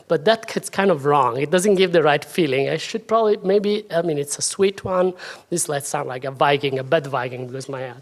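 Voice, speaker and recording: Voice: medium pitch, normal speed. Lecturer thinking aloud. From Italy. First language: Italian. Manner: thinking aloud, self-deprecating asides. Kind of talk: academic talk.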